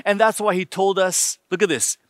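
A man's voice: sits high, fairly even intonation, moderate pace, dry recording, studio quality. A man preaching a sermon emphatically, using rhetorical questions and numbered points.

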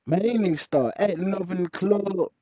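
A young man telling a story casually, animated and profane, acting out the people in it. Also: high-pitched, normal speed, no room sound. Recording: dull, muffled, dry recording.

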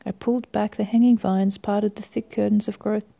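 A woman reads a first-person story with a wry, measured delivery, and at times her voice sinks to a near-whisper. Her voice is low and gravelly, dark and mellow in tone. The pitch stays fairly flat throughout. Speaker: reader.

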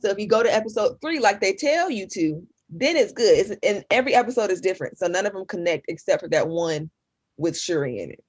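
A woman's voice: medium pitch, animated, fast talker, slightly rough, no room sound. A woman co-hosting a comedy podcast, blunt and joking, with crude slang. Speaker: podcast co-host. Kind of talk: casual comedy podcast chat.

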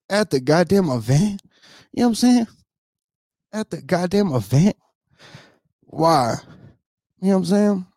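In a high, very animated yet mellow voice, a vlogger in his 30s rants tearfully to camera, taking it slowly with frequent pauses. The unscripted outburst is profane and repetitive, full of sighs and repeated "you know what I mean?" asks. Studio quality, no echo.

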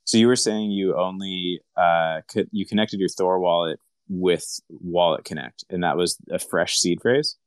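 A man with a very deep voice co-hosts a live audio chat. His tone is smooth and close, with no room sound. He talks in a laid-back, hesitant way full of fillers. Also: steady tone, unhurried, dry recording. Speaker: co-host.

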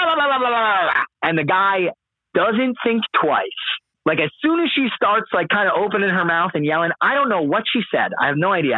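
A man's voice: a little high, no room sound. A man casually telling a wild story on a podcast, swearing often and packing his talk with fillers. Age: late 20s or older. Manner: animated, profane, lots of fillers. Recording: husky voice over a dry, phone-like line.

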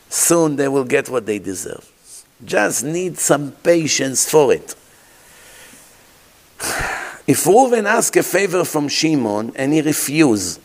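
A man preaching as a rabbi, telling stories dramatically in imperfect English and asking his listeners rhetorical questions. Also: on the high side. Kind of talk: sermon.

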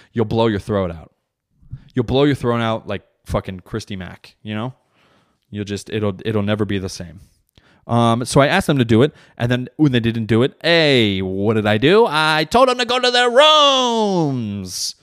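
Low-voiced man telling profane stories. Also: normal speed. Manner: profane, rambling, self-correcting. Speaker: comedian podcast host; father. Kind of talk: casual storytelling monologue.

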